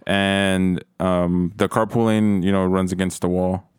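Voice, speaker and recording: Young man, low voice, casual chat, rambling profane storytelling, dry close sound. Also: level tone, unhurried, clear, resonant tone, dry recording.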